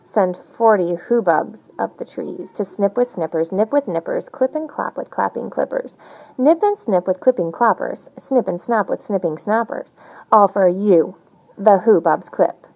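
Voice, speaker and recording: A woman reading a rhyming picture book aloud in an animated, sing-song storytelling manner. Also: medium pitch, a little slow, gravelly, rough recording. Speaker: storybook reader.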